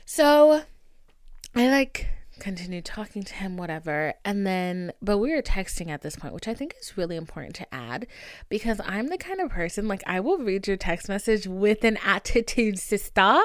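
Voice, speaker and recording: A woman's voice: mid-range voice, big pitch swings, normal speed, no echo, studio quality. A young woman hosting a podcast, telling a gossipy story in a dramatic, chatty way and laughing often. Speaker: podcast host. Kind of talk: casual storytelling chat.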